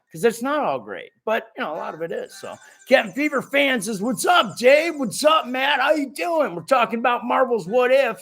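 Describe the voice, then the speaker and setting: Lively high-voiced man hosting a live chat. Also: vocal fry. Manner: animated and jokey, talks straight to the viewers. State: voice cracking. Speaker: live-stream host. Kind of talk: casual live-stream chat, reading viewer comments.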